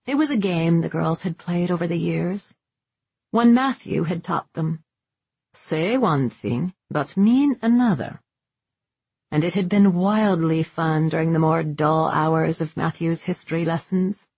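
A woman narrates a fantasy novel in a slow, unhurried way. Her voice sits a little low and has a soft husky edge. The recording is close and dry, with no room sound. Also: no room sound. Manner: measured, unhurried storytelling. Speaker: audiobook narrator.

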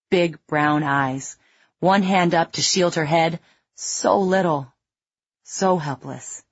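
A woman reading a gritty first-person audiobook story in a measured, tense, low-key way. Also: slightly rough, no room sound. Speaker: audiobook narrator. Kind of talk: first-person scripted narration. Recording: dry, slightly muffled lo-fi recording.

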